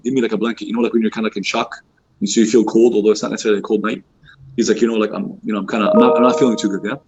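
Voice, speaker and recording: A husky, slightly low-voiced man rattles off a casual religious lesson for young people at a very fast clip, full of "you know" and "like." The recording is dull and lo-fi. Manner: fast, informal, many fillers like "you know" and "like"; acts out quoted speech in lively voices. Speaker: youth halaqah teacher. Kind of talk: casual religious talk to youth. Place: mosque hall.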